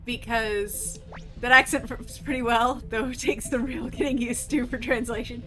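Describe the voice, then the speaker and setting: Chatty woman streamer with a bright voice. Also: on the high side, steady tone, normal speed. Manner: rambling, chatty, swears freely. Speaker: gaming streamer. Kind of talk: casual chat while playing. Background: faint game music.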